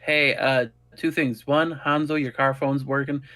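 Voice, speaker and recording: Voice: mid-range voice, little pitch movement, measured pace, sharp tone. Casual player talking in character. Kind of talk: playing a character in a tabletop game.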